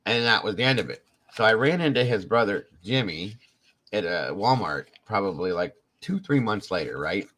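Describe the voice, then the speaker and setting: Male host, lowish voice, loose and chatty storyteller, laughs easily, swears casually. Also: expressive, moderate pace, a bit bright.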